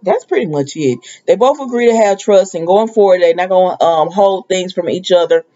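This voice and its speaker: A woman's voice: lowish voice, brisk, dark tone, highs cut off, soft background music. A woman chatting through a casual, slangy recap of a soap opera episode and slipping into the characters' lines as she goes.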